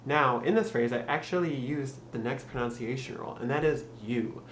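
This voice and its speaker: An upbeat young man talks through a casual tutorial, slowing down to drill each phrase. His voice is mid-pitched and rings in an echoey room with a faint hiss behind it. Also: fairly bright tone. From Michigan. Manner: upbeat, laughs often, slows for drilled phrases. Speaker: YouTube tutor.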